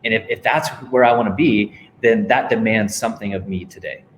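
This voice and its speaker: A man giving an energetic motivational talk as a guest author and speaker, telling stories and acting out the lines of the people in them. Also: on the low side, a little fast, a little hiss or hum. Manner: energetic storytelling, acting out quotes.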